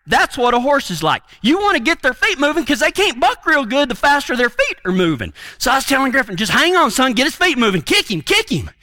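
A man's voice: very high-pitched, pushed and bright, no echo. A middle-aged man and horseman preaching through a folksy, earnest story in a rambling way.

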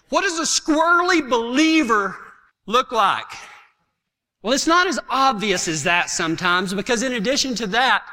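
A man preaching a sermon, telling stories and swinging from quiet asides to shouting. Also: extremely high pitch, in a large hall. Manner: animated storytelling, swings from hushed to shouting. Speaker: pastor.

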